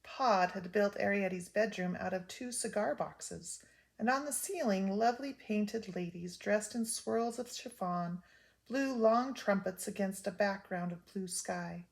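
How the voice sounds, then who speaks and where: Gravelly older woman reading a story. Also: mid-range voice. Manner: gentle, measured storytelling. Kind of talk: reading a children's book aloud.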